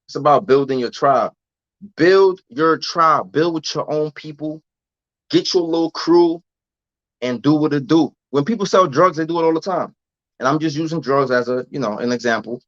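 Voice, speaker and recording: A man's voice: a little high, a bit bright, dry recording, highs cut off. A man chatting casually on a livestream, loose and slangy, often restarting and repeating his words. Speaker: vlogger answering live chat.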